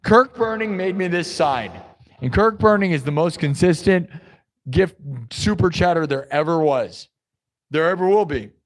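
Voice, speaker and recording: Speaking at a normal speed in a high, animated voice, this livestream host of an improvised music show talks loosely with his audience. He reads their comments aloud, and his speech is full of "like" and "dude."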